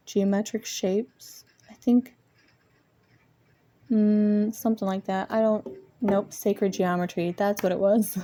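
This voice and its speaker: A woman vlogger vents to viewers in a rambling, casual monologue, swearing often and laughing at herself. She records on a phone propped up at home among her art supplies, her mid-range voice warm in tone.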